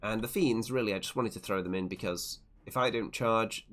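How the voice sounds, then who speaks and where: A man's voice: fairly low pitch, a little fast, fairly bright tone, faint music behind. A man narrating a tabletop wargame tournament report turn by turn, with a wry, self-deprecating play-by-play manner. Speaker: tabletop wargame channel host.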